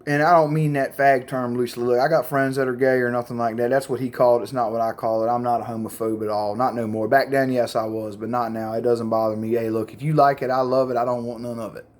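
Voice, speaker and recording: A man's voice: medium pitch, flat delivery, fast talker, few pauses. A man telling a crude, rambling story to camera in casual, profane chat. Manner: rambling, crude, full of fillers.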